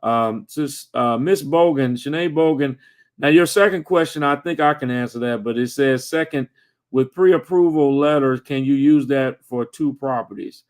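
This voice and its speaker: A man hosting a live video chat, reading out viewer questions and greeting viewers by name in a halting, friendly way. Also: medium pitch. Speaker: host. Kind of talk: casual livestream chat.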